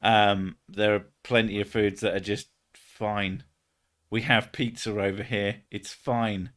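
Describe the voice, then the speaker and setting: A man's voice: fairly low pitch, little pitch movement, slow pace, fairly bright tone. Joking, swearing man on a stream. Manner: swears often, laughs between jokes. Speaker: streamer host. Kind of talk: casual stream chat.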